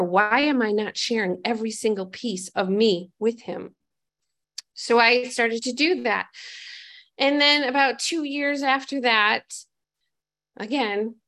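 A woman's voice: a little high, a bit bright. A woman giving a personal recovery testimony to a group, candid and self-mocking, asking her listeners questions as she goes. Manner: conversational, asks the audience questions. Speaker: speaker sharing her recovery story.

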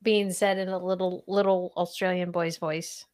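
A woman in her thirties who hosts a podcast, chatting casually and quizzing her guest with lively swings in pitch. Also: normal speed. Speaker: podcast host. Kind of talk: casual chat.

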